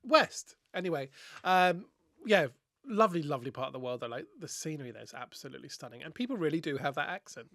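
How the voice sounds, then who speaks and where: An Irish man co-hosting a comedy podcast, chatting with camp, theatrical energy. His voice is bright and fairly high, swooping widely as he talks. The sound is close and dry. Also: fast, dry recording. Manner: animated, camp, theatrical exclamations. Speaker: podcast co-host. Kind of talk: casual comedic chat.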